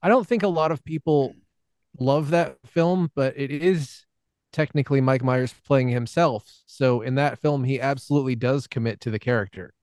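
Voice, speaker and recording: Brief: male co-host, quick quips, mid pitch, dry close sound. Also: darkish tone, no room sound. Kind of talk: casual chat.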